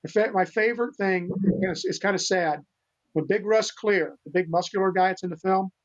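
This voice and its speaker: Older male guest, high-pitched, earnest and rambling; muffled lo-fi audio. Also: moderate pace. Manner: earnest, rambling, many restarts. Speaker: guest, animal rescuer. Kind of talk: storytelling interview talk. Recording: dull lo-fi sound.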